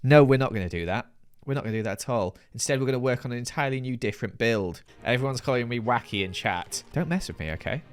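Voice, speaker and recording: A man's voice: medium pitch, quick pace, clear, resonant tone, dry recording. A man giving playful, mock-boastful commentary over his Minecraft let's-play, teasing his viewers. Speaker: gaming YouTuber.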